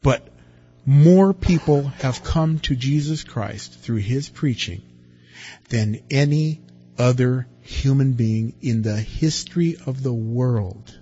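A man's voice: mid-range voice, slow, dark tone, husky, dull audio. A man preaching a sermon in a conversational way, asking his listeners rhetorical questions and stressing words. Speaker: pastor.

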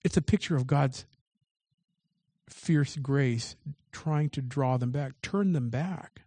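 A male pastor delivers a sermon in a dark, mellow voice. He reads verses aloud and then comments on them, raising and dropping his emphasis. The sound is dry and close. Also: medium pitch, slow pace, dry recording.

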